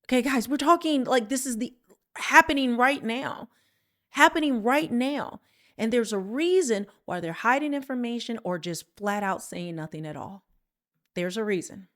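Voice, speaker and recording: A woman's voice: on the high side, lively intonation, normal speed. A woman hosting her channel, talking straight to viewers with earnest urgency and sarcasm. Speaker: channel host. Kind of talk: alarmed commentary to viewers.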